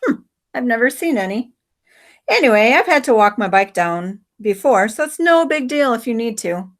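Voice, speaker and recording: A woman voicing an excited young girl on a bike, eager and breathless as she calls out. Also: a little high, normal speed.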